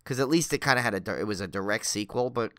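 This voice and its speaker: A man's voice: lowish voice, expressive, quick pace, fairly bright tone, clean tone, no echo, studio quality. A man co-hosting a podcast, chatting casually in a rambling way full of likes and restarts. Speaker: podcast co-host. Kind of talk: casual chat.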